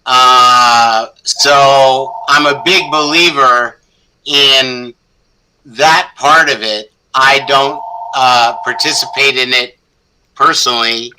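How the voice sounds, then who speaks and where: A man talking as a show guest, hesitant and full of fillers. He speaks slowly in a very bright, sharp voice. There is a faint hiss of background noise. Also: medium pitch, fairly even intonation, low-quality recording. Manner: measured, hesitant with many fillers. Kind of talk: casual interview chat.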